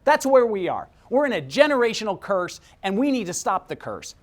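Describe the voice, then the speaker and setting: A middle-aged man giving a motivational talk, telling stories with big swings in pitch and loudness. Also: very animated, a little fast. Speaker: speaker. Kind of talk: motivational speech.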